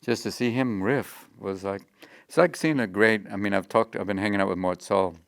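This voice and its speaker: A middle-aged man being interviewed, telling animated stories and jumping into quick voices. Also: lowish voice, vocal fry, dry recording, clean studio sound. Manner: animated, slips into quick character voices mid-story. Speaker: interview guest, comedian. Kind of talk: anecdotal interview storytelling.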